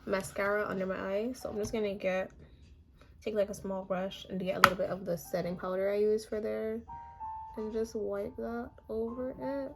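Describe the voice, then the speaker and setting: A young woman with a hoarse voice, chatting casually and a little self-deprecatingly while walking through her makeup routine. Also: mid-range voice, little pitch movement, moderate pace, music in the background. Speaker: makeup vlogger. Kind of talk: casual makeup tutorial chat.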